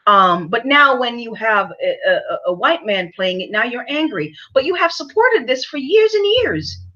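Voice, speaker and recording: A woman vlogger giving her opinions to camera, halting with many fillers and repeated words, and lecturing her audience emphatically. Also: a little high, big pitch swings, sharp tone, dull audio.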